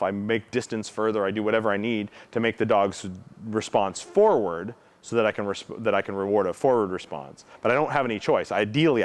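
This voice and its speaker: A man with a fairly low voice teaches protection dog training to students. He talks casually and keeps checking in with a quick "right?", now and then acting out how the dogs react. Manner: frequent tag question "right?"; acts out dog reactions with his own voice.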